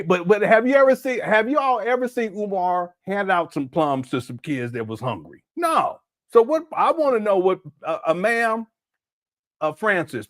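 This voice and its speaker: A man riffing through a casual reaction commentary in a lively voice that climbs and drops a long way. He laughs often and throws out incredulous rhetorical questions, a little high for a man. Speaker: commentary host.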